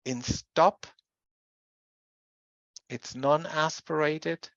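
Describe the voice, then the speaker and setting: University lecturer, measured explanatory delivery, muffled dry recording. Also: medium pitch, steady tone, no echo. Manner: explanatory, with pauses and self-corrections.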